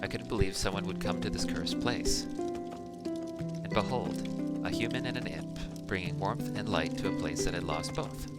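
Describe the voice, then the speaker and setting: A man voicing a cheerful young elf druid woman in his own soft, quiet voice, with music playing behind him. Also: low-pitched, unhurried. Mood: gentle. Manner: soft, quiet reading of game dialogue.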